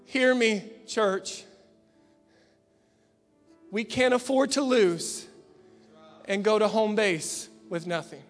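Man, sermon, fervent, long church echo, soft piano behind. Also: sits high, takes it slowly, long pauses. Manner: fervent, building to shouts. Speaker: preacher. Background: faint piano.

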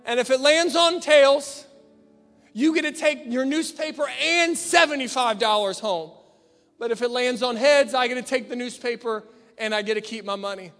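A man's voice: very high-pitched, normal speed, a bit bright. A man preacher voicing a rich man who keeps pressing a deal, coaxing and pushy. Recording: long church reverb with faint piano.

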